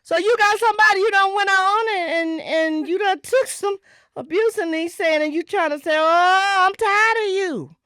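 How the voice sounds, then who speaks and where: A woman in her sixties hosting a talk show, telling stories in an animated, preachy way with lively vernacular asides. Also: very high-pitched, moderate pace, no echo, clean studio sound. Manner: animated, preachy storytelling with Southern Black vernacular. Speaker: podcast host. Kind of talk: casual talk show chat.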